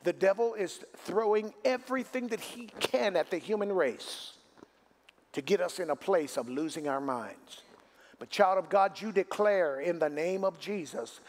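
A man's voice: sits high, animated, measured pace. A male pastor preaching a sermon, asking the congregation for responses and building to emphatic repeated declarations. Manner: preaching with call-and-response questions. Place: church sanctuary.

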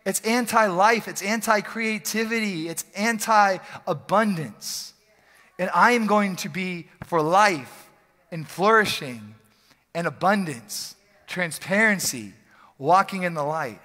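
A male pastor preaching an energetic, joking, conversational sermon in a church service, often repeating phrases for emphasis. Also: high voice, slow pace. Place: church sanctuary during a service. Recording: long hall reverb from a church.

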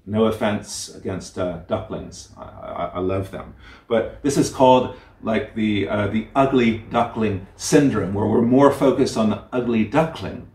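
A man giving an earnest, heartfelt sermon, with halting restarts and a story read aloud. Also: lowish voice, darkish tone. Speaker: preacher. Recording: roomy, distant mic.

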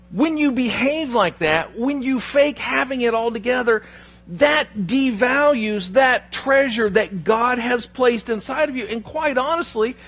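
A man's voice: very high voice, a bit bright, husky. A man preaching a sermon in church, with a humorous, self-deprecating storytelling manner. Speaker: pastor.

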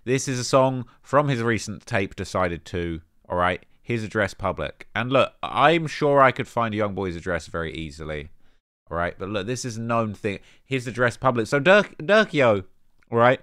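A man hosting a rap commentary show, talking casually in slang with animated emphasis and lots of fillers. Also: mid-range voice, normal speed, no echo, clean studio sound. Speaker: host of a rap commentary channel.

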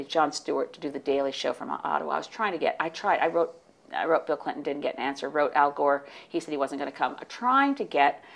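A woman in her sixties, originally from the United States, telling lively anecdotes as an interview guest, often restarting her sentences. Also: low-pitched, vocal fry. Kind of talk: casual interview storytelling.

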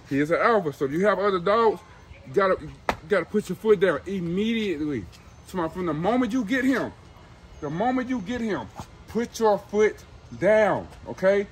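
A man's voice: high-pitched, a little hiss or hum, poor audio. A young man filming with his phone outdoors, selling puppies in a hyped, slangy way and repeating himself a lot. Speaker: dog breeder. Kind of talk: casual sales video.

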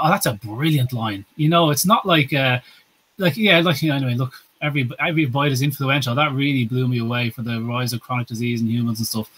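A man's voice: on the high side, sharp tone, breathy edge. A man co-hosting a casual podcast chat, rambling and restarting as he talks, also reading out a sponsor notice. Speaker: podcast co-host.

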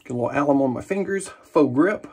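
A man's voice: a little high, fast, a little hiss or hum. A man chatting casually and jokingly as he narrates his own shave in a vlog. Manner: relaxed, chatty and jokey while shaving. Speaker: wet shaving vlogger.

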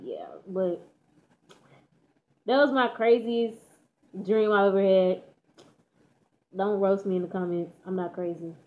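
A woman's voice: mid-range voice, steady tone, measured pace, long pauses. A teenage girl from Texas telling a story in casual, slangy chat, laughing as she goes. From Dallas, Texas. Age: teens. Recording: tinny phone-like audio.

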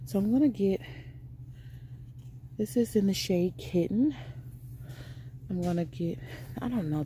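A woman's voice: on the low side, background noise. A woman chatting casually to her viewers while she shops in a store, calling them y'all and honey. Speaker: vlogger. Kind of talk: casual shopping vlog. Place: inside a store.

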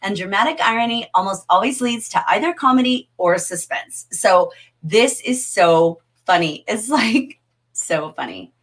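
This is a middle-aged woman leading a literature lesson on a livestream, energetic and quick to laugh while she handles the chat. She speaks at a measured pace in a mid-range voice.

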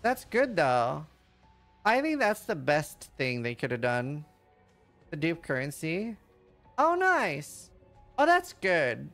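A man streaming live, reading game patch notes aloud quickly and breaking into loud, excited reactions. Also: a little high, soft background music. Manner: reads lines quickly, then reacts with loud excited outbursts.

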